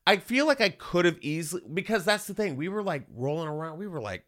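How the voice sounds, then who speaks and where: Brief: male comic guest, story-driven, fairly high voice that swoops around a lot. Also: fast. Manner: animated, acts out every voice. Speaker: comedian guest.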